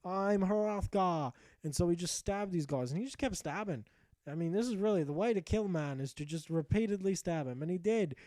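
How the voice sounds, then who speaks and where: A man with a high but mellow voice recounts his gameplay as a mock-heroic tale, cracking crude jokes along the way. The sound is dry and close, with no room around it. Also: animated, fast, no room sound. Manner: jokey, profane, mock-epic storytelling. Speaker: gamer narrating his playthrough. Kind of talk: comedic game commentary told as a tale.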